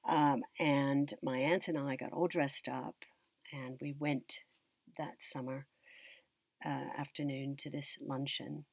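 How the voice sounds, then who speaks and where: A woman from the United States, an actress and teacher, telling a personal story in an interview in a reflective, unhurried way that often trails off and restarts. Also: extremely low pitch, little pitch movement, gravelly, no echo.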